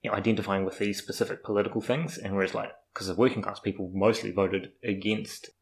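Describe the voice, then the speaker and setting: A man's voice: lowish voice, steady tone, quick pace, rough recording. A young man from New Zealand in casual, rambling chat, swearing freely as he talks about life abroad.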